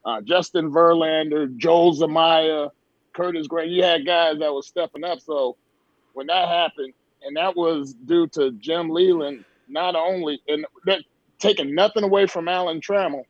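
Former ballplayer telling stories, higher voice. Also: male voice, a little slow, dry recording. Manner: storytelling, emphatic. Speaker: former pro baseball player. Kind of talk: casual sports talk. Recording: dull lo-fi dry sound.

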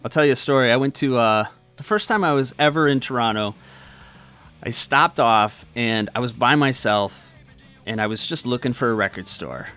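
A podcast host from Wisconsin with an Upper Midwest American accent chats casually, laid-back, rambling through stories and swearing freely. His mid-range voice moves at a moderate pace, sounding pushed and bright, with faint music behind.

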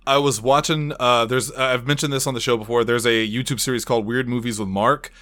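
A man's voice: medium pitch, steady tone, fairly bright tone. Swearing, rambling male podcast host. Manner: rambling, swears freely, quick laughs. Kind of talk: casual podcast chat.

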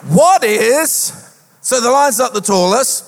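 A man preaching a lively sermon as a pastor, with a sing-song rhetorical delivery. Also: very high voice, slow pace, creaky. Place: church auditorium. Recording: long hall reverb.

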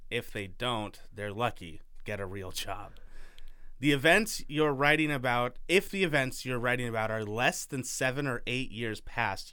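A man's voice: medium pitch, smooth, dry recording, studio quality. A young adult man co-hosting a podcast, joking around in casual book chat and poking fun at himself. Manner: jokey, animated, self-deprecating. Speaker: podcast co-host.

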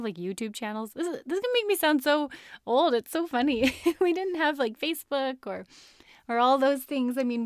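A woman's voice: high voice, dry recording, clean studio sound. Earnest chatty woman podcast host. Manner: earnest, chatty, laughs often. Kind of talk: personal story on a podcast.

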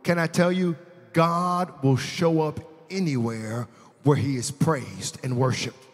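A man preaching a sermon as pastor, telling a personal story in casual slang and building from quiet asides to loud, shouted praise. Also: a little high, slow pace, long reverb tail, soft background music. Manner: casual slang, addresses congregation as fam.

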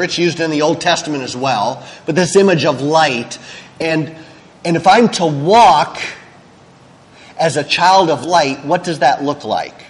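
A man's voice: on the high side, big-room sound, poor audio. A male pastor delivering a sermon in a candid, conversational way, with frank asides.

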